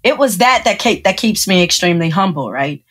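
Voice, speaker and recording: A woman guest on a podcast, recounting her own story in relaxed conversation, laughing often and acting out the people she quotes. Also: lowish voice, fairly quick, husky.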